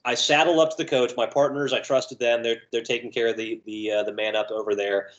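A man's voice: medium pitch, fast, dull audio. Man telling a refereeing story. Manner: animated anecdote, acts out quoted voices. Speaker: lacrosse referee. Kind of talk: conversational storytelling.

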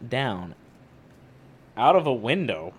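Man, mid-pitched voice, podcast host, wry, quizzing. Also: big pitch swings, slow pace, slightly rough. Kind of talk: casual podcast chat.

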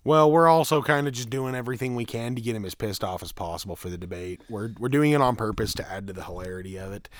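A man's voice: lowish voice, lively intonation, quick pace, hardly any pauses, dry recording, clean studio sound. A man chatting on a podcast, crude and rambling, laughing at his own jokes. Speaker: podcast co-host. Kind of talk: crude casual podcast banter.

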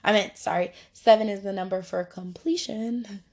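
A woman's voice: mid-range voice, steady tone, moderate pace, a little mellow. A young woman leading a casual Bible study lesson, chatty and upbeat, laughing often and slipping into playful voices.

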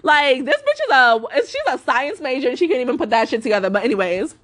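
Fluchende junge Frau beim Storytime-Rant. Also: female voice, high-pitched, sing-song, fast talker, a bit bright. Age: young adult. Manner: casual, heavy cursing, lots of fillers like "like" and "bro". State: up all night, tired. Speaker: vlogger.

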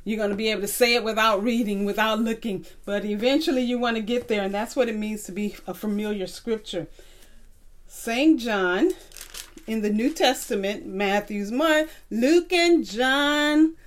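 A woman teaching a children's Bible lesson in a patient way, asking the class to repeat verses after her. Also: a little high. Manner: slow, patient, call-and-response teaching. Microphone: recorded tape.

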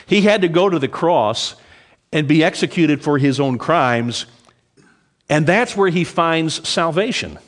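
A middle-aged man preaching a sermon, lively in delivery, dropping low and soft when quoting scripture. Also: a little slow. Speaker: pastor.

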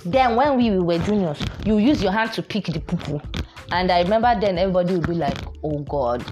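A woman's voice: fairly low pitch, fast talker, a little mellow, faint music behind. A young woman with a Nigerian accent, telling a story casually and animatedly, mixing in Pidgin phrases. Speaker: vlogger.

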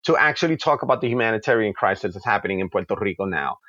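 A man's voice: on the low side, animated, fairly bright tone, no room sound, highs cut off. A man, a comic book creator, answering interview questions with passionate, flowing stories. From New York. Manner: passionate, quick-flowing, with acted asides. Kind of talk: animated storytelling in an interview.

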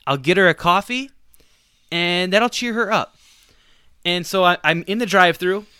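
A man co-hosting a podcast spins a long, animated story, laughing at himself as he goes. His voice is bright, smooth and a touch high for a man, heard close and dry with no room around it. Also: moderate pace, dry recording. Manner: animated, self-deprecating storyteller with bursts of laughter. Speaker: podcast co-host. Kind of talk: casual storytelling on a sports podcast.

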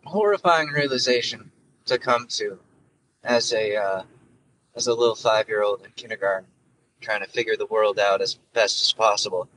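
A man's voice: on the low side, moderate pace, pushed and bright, recorded from a distance, rough recording. Brief: man, 20s, rambling solo-podcast host, profane and jokey, slightly off-mic with faint noise. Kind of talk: casual solo monologue.

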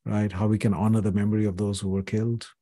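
A man in his sixties from India, a podcast guest, shares personal stories earnestly and reflectively in an interview, often saying "you know." His fairly low voice is mellow and level in tone, moving at a quick pace with no echo.

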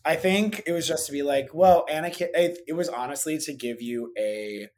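A man's voice: a little high, moderate pace, a little mellow. A man co-hosting a casual film podcast, talking animatedly and doing mocking impressions. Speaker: podcast co-host. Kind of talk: casual chat about films.

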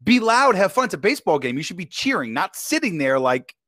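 A man's voice: high voice, very animated, a little fast, a bit bright, dry recording, studio quality. A man, a podcast guest, telling a story in casual chat, talking in slang and keeps asking "you know what I mean".

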